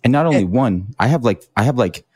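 A young man in casual chat over a video call from his apartment, laid-back and quick to laugh, saying "dude" a lot. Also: medium pitch, lively intonation, darkish tone, slightly rough, no echo, clean studio sound. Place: apartment in New York City.

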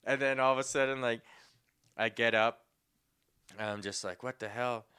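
A young man, a podcast co-host and comedian, telling a story in casual chat, rambling with many fillers and breaking into loud laughter. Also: mid-range voice, fairly even intonation, normal speed, clean tone.

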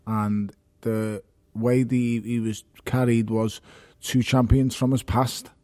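A man's voice: mid-range voice, flat delivery, takes it slowly, darkish tone, no room sound. A man speaking as a guest, frank and reflective.

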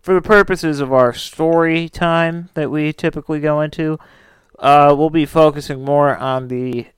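Brief: male podcast host, loose joking ramble, crisp clear tone, dead-dry studio sound. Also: on the high side, steady tone, moderate pace, no room sound. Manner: rambling, joking, many fillers. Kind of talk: casual podcast chat.

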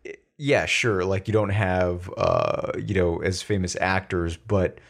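A man's voice: sits low, fairly even intonation, measured pace, vocal fry. A man co-hosting a podcast in casual chat, laid-back and rambling with lots of fillers. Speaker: podcast co-host.

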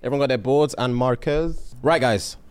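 A man co-hosting a casual podcast, tossing in quick affirming interjections. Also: medium pitch, clean tone. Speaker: podcast co-host.

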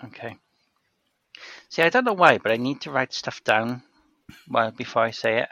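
A man's voice: mid-range voice, lively intonation, normal speed, bright, forceful tone, no echo, dull audio. A man talking as a podcast guest, hesitant and self-deprecating in casual chat.

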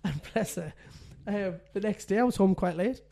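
A man in his thirties co-hosting a casual podcast chat. His voice sits fairly high for a man. He tells stories in a chatty way and laughs often. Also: moderate pace, creaky, warm tone. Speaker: podcast co-host.

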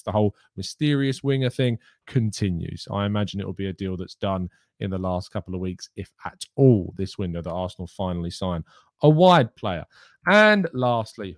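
Low-voiced man hosting a football chat show. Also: dry recording, studio quality. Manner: chatty, opinionated, reads viewer questions aloud. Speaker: host of a daily football news show. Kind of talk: live-streamed football chat.

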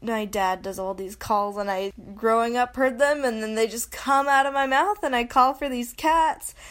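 A woman's voice: a little high, moderate pace, a bit bright. A young adult woman hosting a casual solo podcast, chatty and self-mocking, often laughing and slipping into quoted voices. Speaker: podcast host.

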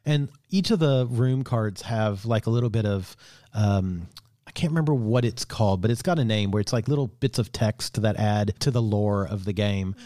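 A man with a somewhat low voice co-hosts a podcast in easygoing chat. He talks in an animated, joking way and often restarts his sentences. The sound is dry and close. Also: moderate pace, no room sound. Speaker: podcast co-host. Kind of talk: casual chat.

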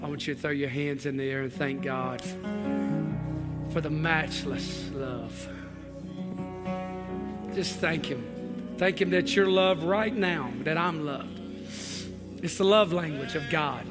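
Pastor, male, high bright voice, fervent preacher with long hall reverb. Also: slow, long pauses, over loud music. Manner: preaches in swelling shouts, then drops to a low quiet voice. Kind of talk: sermon. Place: church hall with a congregation.

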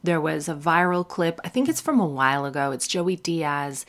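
A woman's voice: sits low, normal speed. A woman stand-up comedian talking candidly and bluntly, swearing freely and mocking men in exaggerated put-on voices.

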